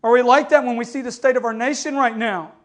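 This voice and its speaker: High-voiced preaching man, impassioned. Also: steady tone, fast. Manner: impassioned preaching, calls for amens. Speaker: pastor. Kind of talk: sermon.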